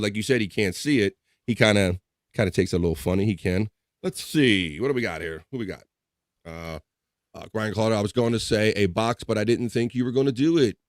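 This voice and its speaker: A man's voice: on the low side, dry recording, studio quality. Joking man hosting a live chat. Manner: loose, joking, reads chat aloud. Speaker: livestream host.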